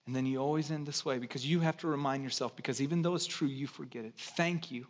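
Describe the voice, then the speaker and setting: A pastor delivering an impassioned sermon, repeating phrases for emphasis and swinging between loud, raised passages and hushed, quiet ones. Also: male voice, mid-range voice. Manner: repeats phrases for emphasis, draws drawn-out quotes.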